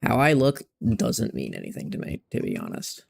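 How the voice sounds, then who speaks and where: A man's voice: on the low side, wildly swooping pitch, moderate pace, creaky, a little mellow. A young man in his twenties chatting casually and frankly while playing a game, rambling and swearing freely. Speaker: streamer. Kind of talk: casual gameplay chat.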